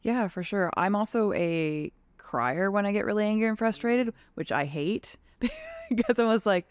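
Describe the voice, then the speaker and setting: A woman's voice: mid-range voice, huge pitch swings, moderate pace, no room sound. A woman in her thirties from Canada, a tradeswoman talking frankly and animatedly as a podcast guest, with lots of "like" in her speech. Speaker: guest, tradeswoman and advocacy leader. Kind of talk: casual podcast conversation.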